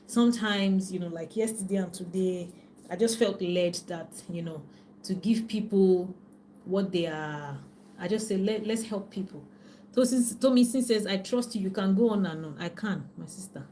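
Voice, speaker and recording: Nigerian woman coach, middle-aged, casual live-stream host, talkative, mid-pitched voice. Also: normal speed, slight background noise. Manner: chatty, animated, reads out viewer comments. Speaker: life and business coach.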